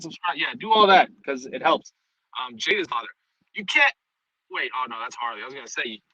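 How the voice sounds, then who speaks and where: A man's voice: mid-range voice, a bit bright, muffled recording, slight background noise. A man with a New York accent hosting a casual live stream, rambling and swearing as he jumps between topics. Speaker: streamer host.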